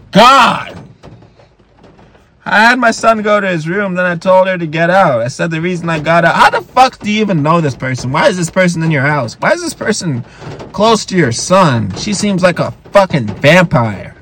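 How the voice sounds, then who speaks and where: Male comedy podcast host, fairly high voice, tired, foul-mouthed ranting, slight background noise. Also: animated, moderate pace. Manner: profane ranting and yelling at the stories. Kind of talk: solo comedy podcast reading posts aloud.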